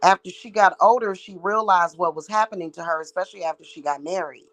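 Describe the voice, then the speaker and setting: A woman's voice: on the low side, fast talker, poor audio. A woman who works as a psychic reader, ranting to her viewers in a blunt, heated, profane monologue. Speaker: psychic reader and spiritual practitioner.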